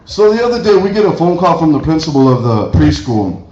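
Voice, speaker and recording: A man's voice: on the high side, big pitch swings, fairly quick, a little mellow. A middle-aged man from Mexico doing a rambling stand-up comedy set, chuckling at his own jokes. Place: church hall. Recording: roomy, dull lo-fi hall recording.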